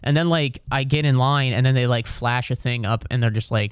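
A young American man tells a comedic story, rambling and sarcastic, piling on fillers and restarts. His voice is smooth and sits mid-range. The sound is dry and close on a podcast mic. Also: mid-range voice, fairly quick, hardly any pauses, no echo.

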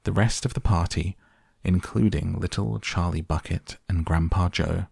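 Deep, gravelly storybook narrator man. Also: moderate pace, a little mellow, no echo, clean studio sound. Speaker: audiobook narrator.

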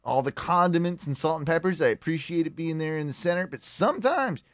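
A man's voice: on the high side, expressive, a little fast, no echo, clean studio sound. A man hosting a podcast, chatting casually and reacting to a clip in a rambling, profane, wry way. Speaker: podcast host.

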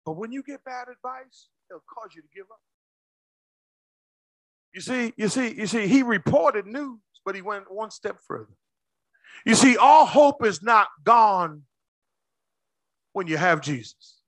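Man, preacher, sermon, very animated pitch, shouts and hushes, calls to the congregation. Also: a little slow, long pauses, no room sound.

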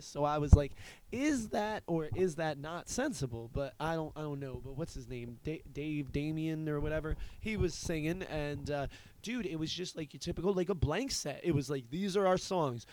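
A man in his thirties hosting a podcast, telling a rambling, profane story in casual chat. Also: on the high side. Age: 30s. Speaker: podcast host.

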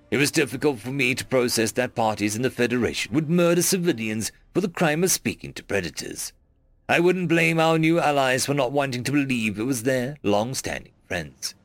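Man narrating a story, gravelly and lively. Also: mid-range voice, no echo. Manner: expressive storytelling, earnest. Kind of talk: first-person audiobook narration.

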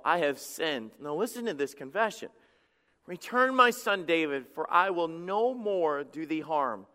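High-voiced pastor preaching in a reverberant church. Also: male voice. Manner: animated preaching with acted quotes and repeated stammered restarts. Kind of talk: sermon.

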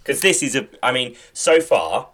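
A man's voice: mid-range voice, sing-song, moderate pace, fairly bright tone, a little hiss or hum. A man hosting a podcast in casual chat, enthusiastically recommending shows. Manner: enthusiastic, plugging TV picks. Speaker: podcast host.

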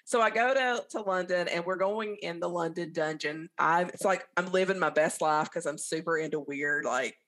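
Southern American woman, slightly low voice, chatty animated storyteller, interview guest. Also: moderate pace, few pauses.

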